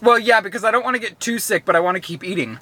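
A man's voice: high voice, very fast, sharp tone. A young man co-hosting a podcast, teasing and asking curious questions in casual chat while eating. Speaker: podcast co-host.

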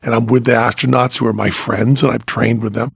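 Gravelly, husky older man telling a story. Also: mid-range voice, fairly quick, no room sound, studio quality. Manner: animated, swings from quiet to near-shouting when acting out panic. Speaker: podcast host, magician and comedian. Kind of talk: casual podcast storytelling.

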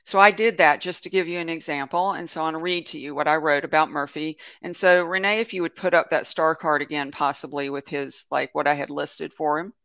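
A woman hosting a show, talking casually and reading aloud in a heartfelt, gentle way. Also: sits low, fairly even intonation, a little fast, hardly any pauses, no echo. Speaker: host.

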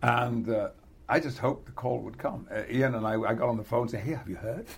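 An older man with a British accent, a guest in a relaxed interview who talks haltingly and chuckles often. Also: mid-range voice, vocal fry, breathy edge. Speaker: actor guest. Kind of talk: casual interview chat.

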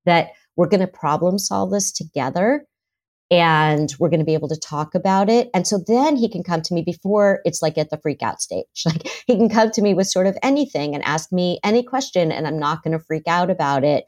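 A woman's voice: on the low side, fairly quick. A woman therapist as a guest, talking through parenting examples and acting out parents' lines. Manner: animated, acts out parents' lines in quotes. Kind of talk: conversational interview.

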